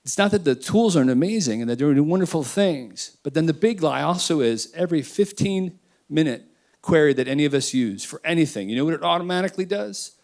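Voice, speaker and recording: A man speaking on a panel, emphatic and emotional, swinging between loud declarations and quiet asides. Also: on the high side, expressive, fairly quick, vocal fry. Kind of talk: impassioned panel talk.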